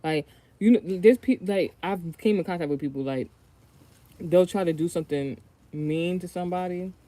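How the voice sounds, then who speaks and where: A woman's voice: fairly low pitch, normal speed, warm tone, no echo. A woman from the United States talking casually on a livestream as a tarot reader, rambling and swearing freely. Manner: rambling, profane, chatty, often trailing off and restarting.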